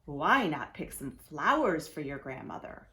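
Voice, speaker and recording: A woman's voice: low-pitched, very animated, unhurried, sharp tone, heavily acted. A woman voicing a sly, hungry male wolf in a children's storybook reading, coaxing and then snapping.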